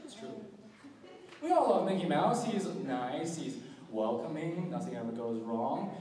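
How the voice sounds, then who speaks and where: A teenage boy from California giving jokey, lively stage patter at a high school talent show, heard from far off in a hall. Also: a little slow. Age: teens. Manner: jokey, lively emcee delivery. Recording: echoey hall from far off with crowd.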